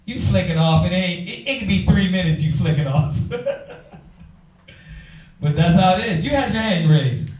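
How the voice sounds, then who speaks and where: A man, teaching a Bible class in an animated preaching style, talking straight to the room. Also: sits high, moderate pace, pauses often, recorded from a distance. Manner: animated, talks to the room, acts out quoted voices. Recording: echoey room from afar.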